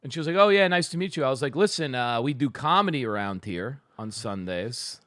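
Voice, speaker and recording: A man's voice: medium pitch, a little fast, no room sound, clean studio sound. A man co-hosting a comedy podcast, telling a story in casual chat and acting out what he said. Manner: animated, acts out his own quoted lines. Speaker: podcast co-host.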